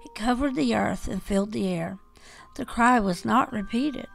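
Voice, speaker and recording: A woman reading a classic children's story aloud in a gentle, measured way. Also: a little high, vocal fry. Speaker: podcast host reading a children's book aloud. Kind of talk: storybook narration. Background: faint waltz music.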